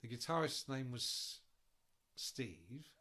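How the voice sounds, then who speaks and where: A man's voice: mid-range voice, slow, slightly rough. A man, co-hosting and telling rowdy stories in casual chat, swearing freely. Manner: animated, swearing, acts out the voices. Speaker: podcast co-host.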